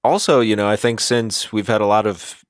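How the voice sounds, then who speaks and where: A man's voice: on the low side, moderate pace, no room sound. A man hosting a comedy podcast, bantering playfully with his co-host. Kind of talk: casual comedic chat.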